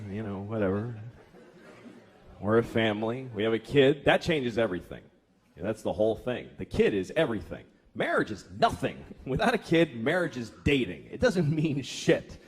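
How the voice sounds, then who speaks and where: A man's voice: medium pitch, husky. A man doing a stand-up routine, ranting in a profane, exasperated way. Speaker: stand-up comedian.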